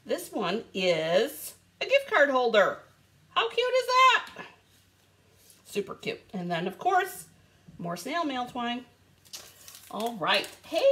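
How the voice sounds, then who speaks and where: A woman's voice: slow pace, long pauses, slight background noise. A woman hosting a casual live stream, chatting bubbly and greeting viewers by name while showing craft supplies. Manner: lively rising and falling pitch.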